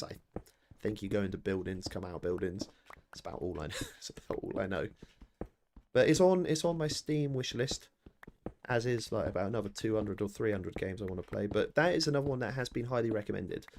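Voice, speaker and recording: A man's voice: mid-range voice, a little mellow, slight background noise. A British man in his thirties chatting casually to viewers during a live game stream, rambling and self-deprecating. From Britain.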